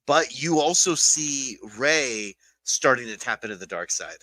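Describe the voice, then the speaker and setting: A man's voice: medium pitch, a little slow, low-quality recording. A man co-hosting a podcast, chatting casually and animatedly, swearing now and then. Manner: animated, swearing, acts out quotes. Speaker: podcast co-host. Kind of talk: casual chat.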